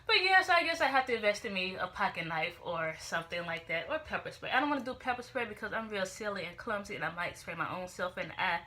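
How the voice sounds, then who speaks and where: Young woman vlogger, casual storyteller, bright, expressive, punchy delivery. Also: medium pitch, quick pace, hardly any pauses. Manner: animated, expressive, emphatic retorts.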